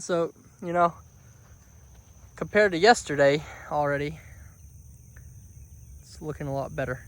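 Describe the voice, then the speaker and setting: A man's voice: a little high, measured pace, pauses often, fairly bright tone, no echo. A young man, chatting casually to his viewers outdoors on a rural homestead, repeating himself and calling them y'all. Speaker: homestead vlogger. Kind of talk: casual vlog talk to camera. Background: insects and crickets.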